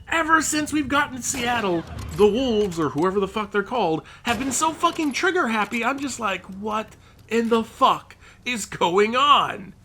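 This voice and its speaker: Brief: a swearing gaming commentator in an exasperated review rant, with a bright, tense tone. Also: medium pitch, animated, moderate pace, slight background noise. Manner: exasperated, profane, ranting; frequent outbursts of rising disbelief.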